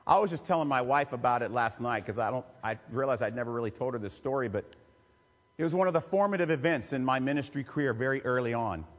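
A man, a pastor telling a personal story in a sermon with emotional, confessional warmth. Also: medium pitch, lively intonation, fast. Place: church sanctuary. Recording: long reverb of a church hall.

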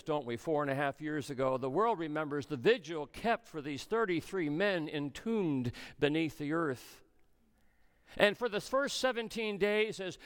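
A male pastor preaching a sermon, swinging between soft, low passages and raised, emphatic ones. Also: clean tone.

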